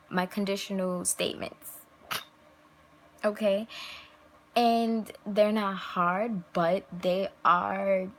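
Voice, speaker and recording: A woman's voice: mid-range voice, slight background noise, poor audio. A young woman vlogger talking casually to camera, giving emphatic relationship advice full of rhetorical questions. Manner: emphatic, rhetorical questions, acts out quoted voices.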